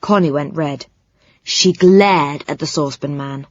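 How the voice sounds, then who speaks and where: A woman narrating a children's story in a clear, fairly low voice. The recording is close and dry, with a slightly dull tone. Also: measured pace, no room sound. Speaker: audiobook narrator. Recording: slightly muffled, dry sound.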